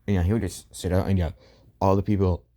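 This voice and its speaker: A man improvising a fan story, rambling and filling pauses with "and yeah.". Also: sits low, flat delivery, mellow.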